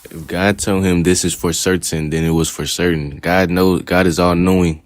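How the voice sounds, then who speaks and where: A man calls into a live stream as a guest and argues in a casual way. His voice is very deep. He is insistent and keeps repeating the same point. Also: fairly even intonation, moderate pace, no room sound, clean studio sound. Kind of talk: casual argument.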